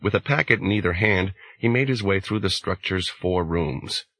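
A man narrating an audiobook in a slow, measured way. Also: low voice, sharp tone, dry recording, low-quality recording. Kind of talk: scripted narration.

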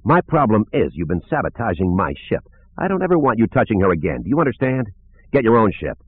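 A man voicing a gruff, hot-tempered male pilot who talks curt and snappish. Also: big pitch swings, fast. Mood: snappish, menacing. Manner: curt, snappish, low and threatening. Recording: narrow phone-like sound.

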